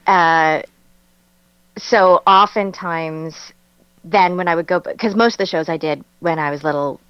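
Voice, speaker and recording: A woman's voice: lowish voice, a little slow, a bit bright, clear, resonant tone, dry recording, dull audio. A woman with a Canadian accent, a voice actress chatting as an interview guest, laughing often and telling stories with animation. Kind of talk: casual interview chat.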